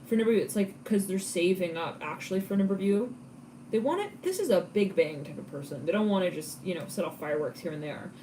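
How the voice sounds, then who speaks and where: A woman giving a live tarot reading in a chatty, casual way, laughing often and breaking into quick asides. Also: fairly low pitch, dark tone, a little hiss or hum. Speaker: tarot reader.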